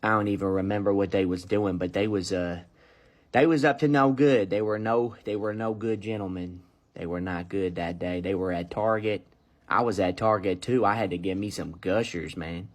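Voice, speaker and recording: A laid-back young dude with a lowish voice, rambling a story in loose slang, as a man puts him on. His lines end with "man" and "bro.". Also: steady tone, normal speed, lightly acted. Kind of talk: comedy sketch monologue.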